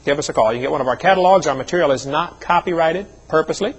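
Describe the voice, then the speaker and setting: A man's voice: a little high, rapid-fire, husky, rough recording. A middle-aged man preaching a seminar sermon, telling personal stories in a folksy way with joking asides. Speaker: evangelist speaker.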